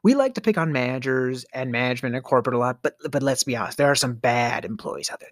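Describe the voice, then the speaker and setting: A man's voice: medium pitch, lively intonation, quick pace, hardly any pauses, no echo, studio quality. A middle-aged man hosting a podcast, telling a storytelling rant in a theatrical way, with sighs, stammers and sudden whispers. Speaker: podcast host.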